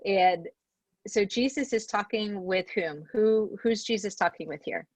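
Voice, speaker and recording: A woman leading a Bible study over a video call, chatty and animated, often checking in with her listeners. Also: medium pitch, a little slow, no echo. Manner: chatty, animated, asks questions, says okay often.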